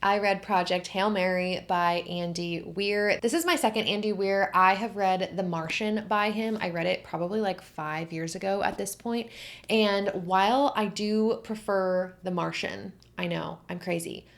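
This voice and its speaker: A young woman reviewing books in a casual, gushing chat, full of fillers and excited emphasis. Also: mid-range voice, a little slow. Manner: gushing, animated, filler-heavy. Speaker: book vlogger.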